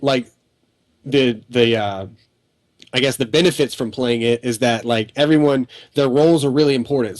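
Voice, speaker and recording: A man's voice: mid-range voice, no room sound. Young man rambling about games on a dry mic. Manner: rambling, many restarts and fillers. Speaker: podcast panelist. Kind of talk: casual gaming podcast chat.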